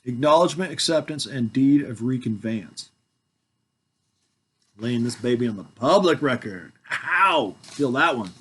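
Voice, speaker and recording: A man in his forties from Washington state speaks into a headset microphone at an ordinary middle pitch. He reads a formal legal declaration aloud, sometimes mumbling or trailing off. He breaks the formal reading with playful, joking asides. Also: expressive, unhurried, a bit bright, breathy edge. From Washington, United States. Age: 40s. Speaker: video host reading his own documents.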